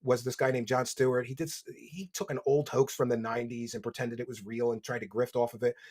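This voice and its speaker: Husky Philly man mocking on a livestream. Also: mid-range voice, level tone, fast. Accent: Philadelphia. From Philadelphia. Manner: mocking, loud bursts, reads chat aloud. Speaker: livestream host reading donations. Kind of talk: casual livestream commentary. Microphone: desk microphone.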